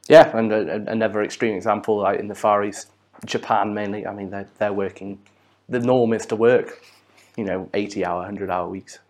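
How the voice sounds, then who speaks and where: A man's voice: fairly low pitch, fairly even intonation, moderate pace, a little mellow. A man, chatting casually as a co-host, hedging and repeating himself as he goes. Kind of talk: casual business chat.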